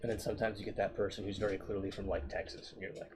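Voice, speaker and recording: A man's voice: on the low side, flat delivery, racing, background noise. A man co-hosting a casual podcast, blunt and profane, packing his speech with "like". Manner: blunt, profane, heavy use of "like". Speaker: podcast co-host. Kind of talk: casual chat.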